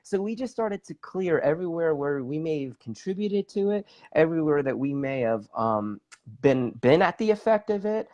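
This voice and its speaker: A middle-aged bodywork practitioner and facilitator, guesting in an interview, tells a story enthusiastically, talking with his hands and using lots of fillers. His voice is a little high and darkish, with lively intonation at a moderate pace.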